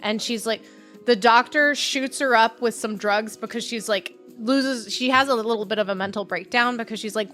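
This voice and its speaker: A woman's voice: fairly high pitch, normal speed, a bit bright, faint music behind. A woman co-hosting a casual podcast who gushes about a film and acts out its scenes in quoted voices. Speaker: podcast co-host. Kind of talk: casual chat.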